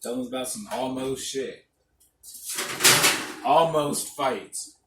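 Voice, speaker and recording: A young solo podcast host with a mid-range voice speaks slowly in a casual monologue full of rambling, profane stories and frequent laughter. There's an echo in the room and some faint noise.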